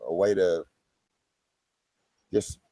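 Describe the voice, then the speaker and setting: A man's voice: sits low, steady tone, very slow, mellow, poor audio. A man in casual comedy chat who talks in an easygoing, agreeable way and keeps calling people man.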